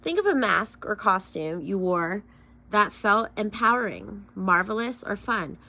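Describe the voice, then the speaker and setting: A woman's voice: medium pitch, expressive, measured pace, sharp tone. Chatty young woman giving a tarot reading. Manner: chatty and loose, swearing and laughing between solemn card readings. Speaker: tarot reader. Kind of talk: casual tarot reading vlog.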